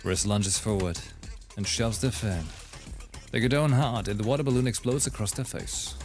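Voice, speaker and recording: Low-voiced man reading game narration. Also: normal speed, soft background music. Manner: reads narration evenly, laughs at jokes. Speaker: streamer. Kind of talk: reading game story aloud with commentary.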